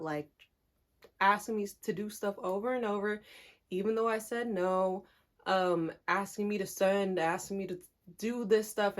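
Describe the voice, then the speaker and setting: A young woman telling a candid storytime vlog, animated and talking straight to her viewers, laughing often. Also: medium pitch. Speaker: vlogger.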